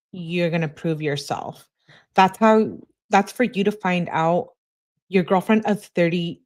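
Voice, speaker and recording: A woman, a true crime commentator, reading both sides of a text exchange aloud in a flat recounting tone. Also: on the low side.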